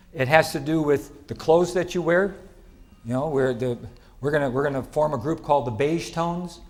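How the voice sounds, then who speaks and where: A middle-aged man giving a conference lecture in a lively, chatty way, asking the audience questions. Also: a little high. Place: lecture hall.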